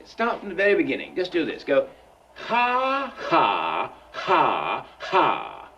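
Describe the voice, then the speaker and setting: An imperious professor who lectures and scolds his pupil with theatrical exasperation. His voice swoops widely and sits slightly high for a man, with faint noise behind it. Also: very animated, fast talker, lo-fi sound. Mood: exasperated. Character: imperious male phonetics professor drilling a pupil. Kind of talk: 1960s film musical acting.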